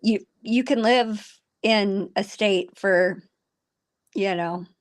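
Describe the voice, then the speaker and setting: Slow-talking Minnesotan woman. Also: mid-range voice. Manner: chatty, laughs often, puts on voices when quoting. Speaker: voice actor. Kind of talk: casual chat. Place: video call.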